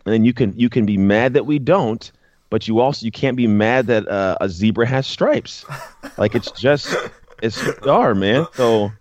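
A man's voice: medium pitch, lively intonation, normal speed, a little mellow, slight background noise. A man guest speaking earnestly in a casual conversation, often repeating words as he thinks. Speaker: guest, former pro football player and author.

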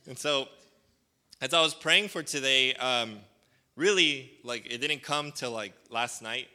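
A man's voice: mid-range voice, a little slow, sharp tone. Man preaching a casual, filler-heavy sermon. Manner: rambling, full of fillers like "like" and "um"; calls for responses from the congregation. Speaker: pastor.

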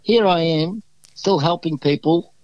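A man's voice: fairly high pitch, measured pace, darkish tone, no echo, highs cut off. An Australian man talking as a podcast guest, telling rambling, exuberant stories full of restarts. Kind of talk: casual storytelling.

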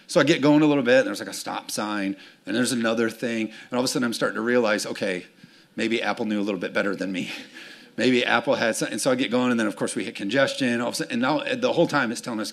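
A man's voice: mid-range voice, fast talker, gravelly. A man preaching a sermon as pastor, telling stories, acting out voices and asking the congregation for amens. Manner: storytelling, acts out voices, asks for amens. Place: church sanctuary with congregation.

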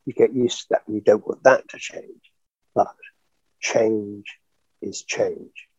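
An older actor reminiscing in an interview, telling animated stories with frequent laughter and fillers. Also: male voice, on the low side, takes it slowly, breathy edge, no echo, dull audio. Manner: chatty, animated storyteller, laughs often, many fillers. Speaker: actor guest.

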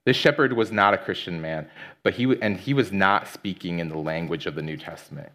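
Deep-voiced man preaching casually. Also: brisk, a bit bright. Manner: casual conversational preaching with fillers like "like". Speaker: pastor. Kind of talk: sermon.

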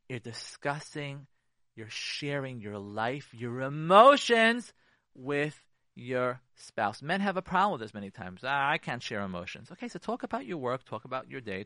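A man's voice: mid-range voice, big pitch swings, unhurried, bright, forceful tone, no room sound, studio quality. A man giving marriage advice on a radio talk show. He stresses his points, repeats key phrases and acts out what spouses might say. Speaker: marriage counselor.

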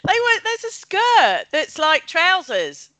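Bright, laughing woman guest. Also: extremely high pitch, huge pitch swings, slow. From West Sussex, England. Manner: chatty, laughs often, many fillers. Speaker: podcast guest. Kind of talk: casual chat. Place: home, on a video call. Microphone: computer mic on a video call.

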